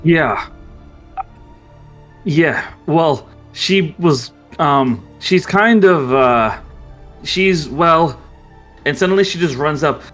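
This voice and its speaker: Rambling game master, very lively pitch, faint music behind. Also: extremely slow, long pauses. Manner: rambling, filler-heavy narration. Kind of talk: narrating a tabletop game.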